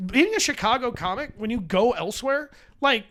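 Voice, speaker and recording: A man with a notably high speaking voice chats as a podcast guest, a stand-up comedian who rambles and swears freely. He mocks himself as he talks, with plenty of restarts. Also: lively intonation, moderate pace, fairly bright tone. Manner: rambling, profane, self-mocking. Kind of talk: casual chat. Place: podcast studio.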